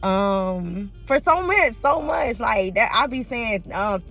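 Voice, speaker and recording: A woman's voice: on the high side, animated, normal speed, hardly any pauses, fairly bright tone. A woman vlogging in a casual, emotional way, blunt and profane, often laughing through tears. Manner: emotional, swings between laughing and crying; blunt and profane, heavy slang. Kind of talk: casual personal vlog talk.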